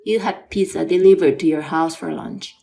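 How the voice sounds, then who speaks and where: A woman's voice: on the low side, normal speed, gravelly, dark tone, soft background music. A woman voicing a stern aunt in a dramatized story, firmly scolding her nephew. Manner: firm and scolding.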